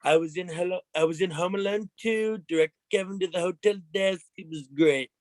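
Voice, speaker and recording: A swaggering older politician who calls everything the best and most wonderful, as a man puts him on. The voice sits a little high, with repetitive, self-praising phrasing in a dry, close sound. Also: a little fast, a little mellow, no echo, lightly acted. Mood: boastful. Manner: superlative-heavy, repetitive boasting.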